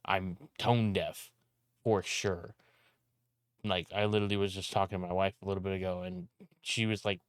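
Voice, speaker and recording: A young man ranting casually to camera about content creation, talking loudly with frequent restarts and some swearing. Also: deep voice, level tone, moderate pace, clear, resonant tone, no room sound, studio quality. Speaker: content creator and video editor. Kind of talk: casual vlog rant.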